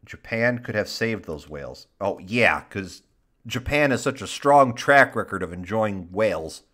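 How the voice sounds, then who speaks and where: A man's voice: fairly low pitch, lively intonation, a little slow, fairly bright tone. A man co-hosting a podcast in casual chat, joking, mocking himself and reading chat messages aloud. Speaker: podcast co-host.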